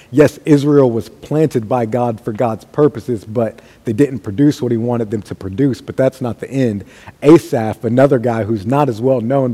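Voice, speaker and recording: A man preaching a sermon with a dark, mellow voice that has a husky edge. He talks in an emphatic way and builds up to raised calls. A long reverb trails behind him in a big church hall. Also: medium pitch.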